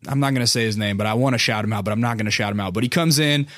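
A man's voice: fairly low pitch, rapid-fire, fairly bright tone, no room sound. Casual, profane man telling a story. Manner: profane, rambling, lots of fillers. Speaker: podcast host.

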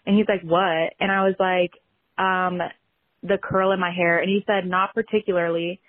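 A woman's voice: medium pitch, little pitch movement, normal speed, phone-quality sound. A young woman from Oregon telling her story in a chatty way in a voice message to a podcast. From Oregon, USA. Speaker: caller. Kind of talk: recorded voice message.

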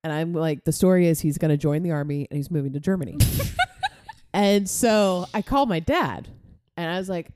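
Lively, laughing woman podcast host. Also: on the low side, normal speed, dry recording. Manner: animated storyteller, swears freely, laughs often. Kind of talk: casual chat.

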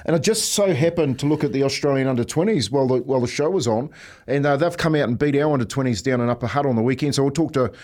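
A man's voice: medium pitch, fast talker, a little mellow. A man with a New Zealand accent co-hosting a breakfast radio show, rambling and chuckling as he chats casually. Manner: rambling, chuckling, says "mate" often.

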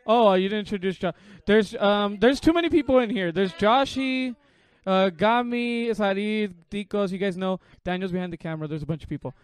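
A man hosting a rowdy group podcast, loud and joking, cutting in to keep order. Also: high-pitched, a little fast, smooth. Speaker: podcast host. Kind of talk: casual group podcast chat.

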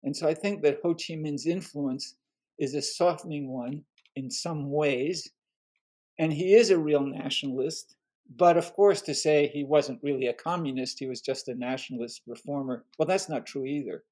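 A man, an author, explaining history in a thoughtful conversational way, pausing with fillers and restarting sentences. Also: fairly high pitch, a little mellow. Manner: thoughtful, many fillers and restarts, quotes others in passing. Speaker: author discussing his book.

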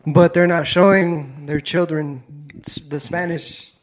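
High-voiced young man, halting casual talk. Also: steady tone. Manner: easygoing, hesitant, lots of "like" and "bro". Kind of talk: casual chat.

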